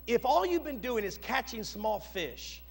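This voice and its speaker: A preacher voicing an eager male TV fishing host pitching a special lure in a salesy, coaxing way. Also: sing-song, a little slow, slightly rough, full character voice. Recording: long echoey hall reverb.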